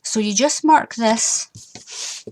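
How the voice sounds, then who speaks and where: A woman's voice: fairly high pitch, very slow, a little mellow. An older woman, hosting a casual craft tutorial in a chatty way and repeating warnings with emphasis.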